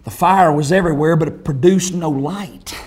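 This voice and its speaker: A man preaches a vivid sermon story in a high voice. His delivery swells to intense peaks and drops low and grave. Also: moderate pace, darkish tone, husky, low-quality recording. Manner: intense, rising and falling delivery.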